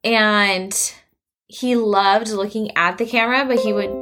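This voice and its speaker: A woman's voice: medium pitch, fairly even intonation, unhurried, over music. A woman in her thirties hosting a casual chat, chatty and laughing often as she acts out what her family says. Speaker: podcast host, mother of three.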